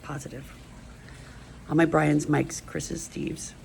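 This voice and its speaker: A woman's voice: low-pitched, level tone, takes it slowly, gravelly, a little mellow, a little hiss or hum, poor audio. A middle-aged woman rambling emotionally in a personal video monologue. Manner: rambling, emotional, stream-of-consciousness. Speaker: vlogger.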